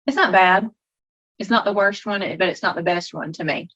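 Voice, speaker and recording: A woman, a podcast guest who talks in a homey, expressive way with folksy sayings. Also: mid-range voice, normal speed, muffled recording. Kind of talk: casual chat, taste-testing.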